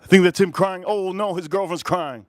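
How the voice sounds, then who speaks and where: A man hosting a casual livestream whiskey review, talking excitably and rambling straight to his viewers. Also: high voice, moderate pace, dry recording.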